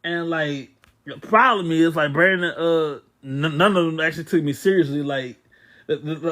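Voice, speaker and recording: A man's voice: on the high side, moderate pace, a bit bright. Stammering man preaching on a podcast. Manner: stammers and restarts, repeating words; preachy, turns talk to scripture. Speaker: podcast co-host. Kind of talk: casual podcast chat.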